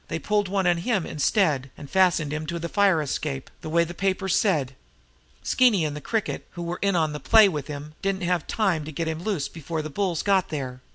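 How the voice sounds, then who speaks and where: A man doing a gravelly, snarling old crook. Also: a little high, sharp tone, no echo. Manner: grunting, turning to snarling threats. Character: crafty, wizened, disreputable old male fence.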